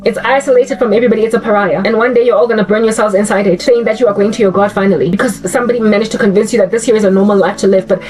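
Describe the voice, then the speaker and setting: A woman's voice: medium pitch, steady tone, racing, hardly any pauses, a little mellow. A woman giving impassioned religious commentary, fervent and emphatic, often repeating her phrases. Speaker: Christian vlogger. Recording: distant mic with faint music.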